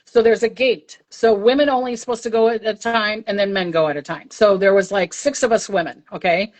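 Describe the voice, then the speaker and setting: Older woman, casual livestream storytelling, animated, acts out voices, medium pitch. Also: a little fast, poor audio. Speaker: psychic medium guest.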